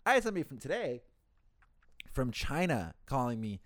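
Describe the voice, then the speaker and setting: A man's voice: medium pitch, a little fast, no room sound, studio quality. A man working a hotel front desk, chatting casually and acting out the callers he deals with, swearing freely as he goes. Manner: animated storyteller, acts out callers in quoted voices, swears casually. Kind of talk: casual chat.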